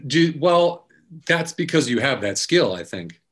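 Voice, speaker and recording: Husky-voiced laid-back male host. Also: mid-range voice, unhurried. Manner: relaxed, swears casually, does voices in anecdotes. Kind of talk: casual chat.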